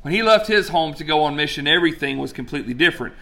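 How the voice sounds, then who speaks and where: A male preacher delivering a lively, conversational sermon, telling a story with casual asides to his congregation. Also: on the high side, racing.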